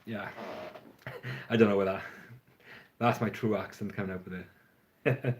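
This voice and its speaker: A man's voice: on the low side, measured pace. A man chatting casually and frankly on a phone livestream, rambling and swearing now and then. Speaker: fragrance reviewer. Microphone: phone front camera.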